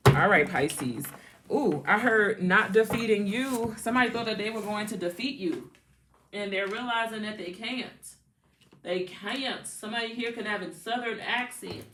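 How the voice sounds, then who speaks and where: A woman's voice: medium pitch, moderate pace, a bit bright, a little hiss or hum. A woman giving a casual, chatty tarot reading, repeating phrases and laughing often. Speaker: tarot reader.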